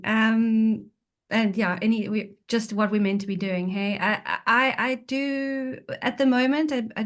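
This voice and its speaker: A woman talks softly in an online conversation, sounding moved and grateful as she speaks. Her pitch sits in the middle range. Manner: emotional and grateful, soft-spoken. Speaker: guest. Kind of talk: casual chat on a video call.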